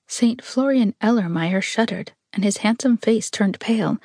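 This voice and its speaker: Husky woman reading a romance novel. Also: mid-range voice, moderate pace, hardly any pauses, a little mellow, no room sound, studio quality. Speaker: narrator. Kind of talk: audiobook narration.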